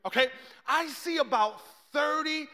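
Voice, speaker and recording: Male preacher, high and bright, animated storyteller who acts out his quotes; long hall reverb. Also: measured pace. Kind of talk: storytelling sermon.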